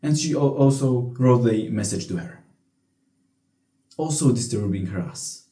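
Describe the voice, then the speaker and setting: Young man, blunt profane rant, very dark voice, echoey room. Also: medium pitch, expressive, unhurried. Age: young adult. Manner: blunt, profane, frequent restarts. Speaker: vlogger. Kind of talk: casual storytelling rant.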